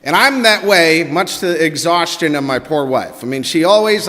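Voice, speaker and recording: Storyteller: middle-aged man, bright high voice, lively delivery, church hall reverb. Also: normal speed, few pauses. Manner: animated, quotes people in their own voices. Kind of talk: personal story told to a congregation. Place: church sanctuary.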